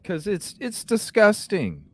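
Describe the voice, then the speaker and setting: A man's voice: high-pitched, slow pace. Fired-up profane man ranting on a podcast. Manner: profane, animated, repeats "you know what I'm saying". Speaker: podcast host. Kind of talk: heated live-stream rant.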